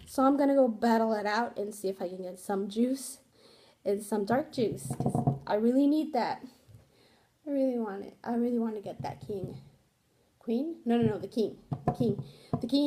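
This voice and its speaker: Young woman rambling to her vlog, kinda high voice, soft and mellow. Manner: rambling, candid, swears casually, frequent fillers. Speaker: vlogger.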